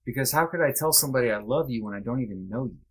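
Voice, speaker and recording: A man guesting on a podcast, speaking candidly and reflectively with many restarts. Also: medium pitch. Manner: earnest, halting, reflective with restarts. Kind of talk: candid conversation.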